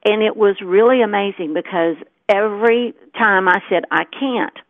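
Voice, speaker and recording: A middle-aged woman chats earnestly as a co-host and acts out the dialogue in her story. Her voice sits at an ordinary pitch. It comes through a thin, tinny phone line with no room sound at all. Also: normal speed, dry recording. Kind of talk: casual storytelling chat.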